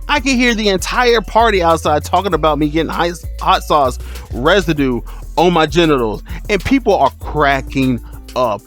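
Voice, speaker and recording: A man with a fairly high, lively voice tells a storytime for his stream, bouncing up and down in pitch as he laughs and exclaims. Faint music plays behind him. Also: measured pace. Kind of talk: storytime vlog.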